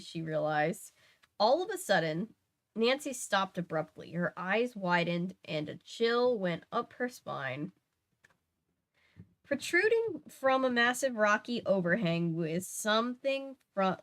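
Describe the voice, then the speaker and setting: A young woman reading a mystery novel aloud on a casual stream, adding chatty asides and correcting her own slips as she goes. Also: medium pitch. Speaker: host reading a book aloud. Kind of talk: casual read-aloud livestream.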